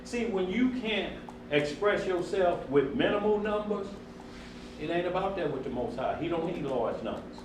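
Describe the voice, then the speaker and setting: A man's voice: high voice, expressive, moderate pace. A man in a church group conversation, agreeing with the speaker and citing scripture. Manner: affirming, cites scripture. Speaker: church member, co-discussant. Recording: echoey room, distant mic, background noise.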